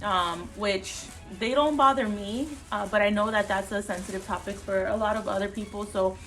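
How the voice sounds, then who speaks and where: A woman's voice: medium pitch, moderate pace, fairly bright tone, faint music behind. A woman chatting casually to the camera as a family vlogger, rambling and full of fillers. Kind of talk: casual vlog chat to camera.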